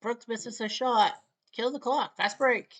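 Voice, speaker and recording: A woman from Canada calling a basketball video game in casual solo play-by-play, with clipped calls and wry asides. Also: fairly high pitch. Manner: clipped, rapid calls, wry asides, rising excitement near the end. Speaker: play-by-play commentator.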